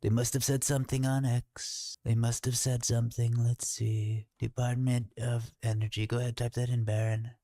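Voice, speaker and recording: A man's voice: mid-range voice, level tone, normal speed, few pauses, dark tone, voice pushed up, close to an everyday voice. A man putting on a boastful older male politician who rambles and repeats himself. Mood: rambling.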